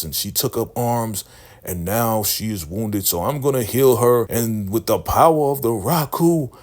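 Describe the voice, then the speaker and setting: A man voicing a fervent male cult leader who preaches in a booming, repetitive cadence. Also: a little mellow, lightly acted.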